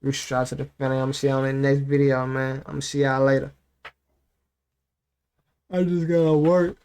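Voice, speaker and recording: A man's voice: mid-range voice, completely flat delivery, fast, clear, resonant tone. A man hosting his channel, reacting to an audiobook in casual, slangy commentary aimed straight at his viewers.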